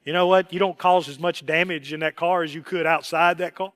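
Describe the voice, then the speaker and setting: A middle-aged man preaching a sermon as pastor, animated, acting out voices and quotes as he goes. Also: a little high, fairly quick. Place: worship hall.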